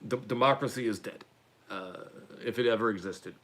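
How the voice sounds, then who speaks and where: A man's voice: on the low side, normal speed, fairly bright tone. A man hosting a casual political live-stream chat, rambling and self-deprecating, with frequent restarts. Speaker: podcast host.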